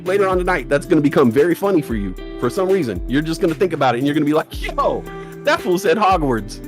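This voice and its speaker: A man's voice: fairly high pitch, lively intonation, very fast, music in the background. A man hosting a live trading stream, joking with his chat and laughing often. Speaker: livestream host. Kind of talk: casual livestream chat and scripted channel read.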